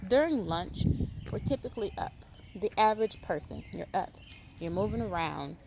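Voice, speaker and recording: Animated woman scolding her viewers. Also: mid-range voice, normal speed, creaky, background noise. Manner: emphatic, rhetorical, scolding. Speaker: video host. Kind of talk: animated lecturing vlog.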